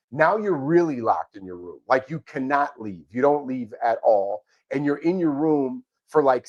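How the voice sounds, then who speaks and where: A man's voice: medium pitch, muffled recording. A middle-aged man co-hosting a casual live chat about a reality show, telling rambling, sentimental stories. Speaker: co-host of a reality TV podcast.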